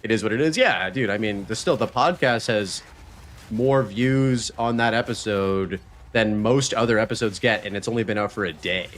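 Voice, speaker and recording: A man's voice: on the low side, moderate pace, a bit bright. A man hosting a live stream, chatting loosely and swearing freely while he plays a game and talks about his podcast. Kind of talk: casual live-stream chat while gaming.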